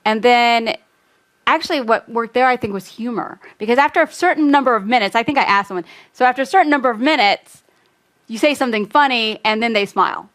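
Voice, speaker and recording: A woman's voice: on the high side, fast, a bit bright. A woman co-hosting a casual talk, reflecting on meeting people abroad. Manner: reflective, quoting people she met. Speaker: podcast co-host. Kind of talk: casual conversational chat.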